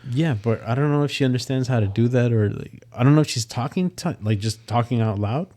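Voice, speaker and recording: A man's voice: mid-range voice, fairly quick, warm tone. A young man co-hosting a podcast, talking in a casual, rambling way with lots of fillers and swearing. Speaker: podcast co-host. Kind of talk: casual chat.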